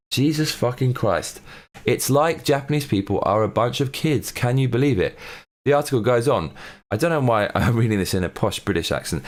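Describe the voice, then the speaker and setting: A man's voice: mid-range voice, animated, moderate pace. A man with a mid-range voice hosts a comedy news show. He reads articles aloud and tears into them with swearing, sarcasm and mockery. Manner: profane, ranting, mocking.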